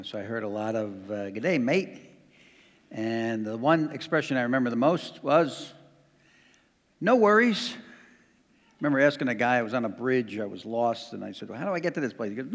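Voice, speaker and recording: An older man, a grandfather and pastor, giving a casual, joking sermon full of fillers and restarts. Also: mid-range voice. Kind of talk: conversational sermon. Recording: long reverb of a large hall.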